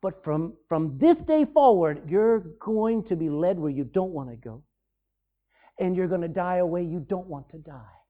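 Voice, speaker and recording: A man voicing a solemn teacher who gives an earnest, measured warning. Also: high voice, expressive. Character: Jesus, solemn teacher giving a grave warning. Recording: tinny phone-like sound.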